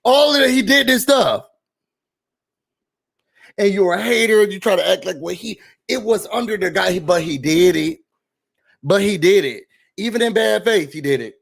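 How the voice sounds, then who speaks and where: A man's voice: high voice, moderate pace, vocal fry, pauses often. Sassy man recapping reality TV. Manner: sassy, animated, quotes people in mocking voices. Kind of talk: casual reality show recap.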